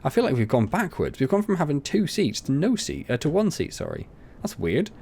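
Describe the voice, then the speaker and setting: A man's voice: a little high, huge pitch swings, fairly quick, vocal fry, a little mellow, slightly rough. A young man chatting casually and rambling as he plays through a farming game, poking fun at himself. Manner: chatty, rambling, self-mocking. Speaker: gaming channel host. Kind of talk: casual let's play commentary.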